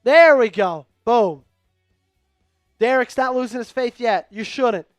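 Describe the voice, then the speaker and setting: A man calling a game live for an online fan stream, hyped and pleading with his viewers, rising to shouts at big plays. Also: extremely high pitch, slow, dry recording, soft background music. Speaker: fan livestream play-by-play host. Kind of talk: excitable live play-by-play commentary.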